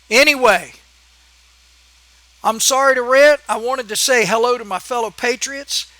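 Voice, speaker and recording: Channel host, male, very high bright voice, dry close sound; heated scolding rant. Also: unhurried, dry recording. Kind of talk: ranting political vlog monologue.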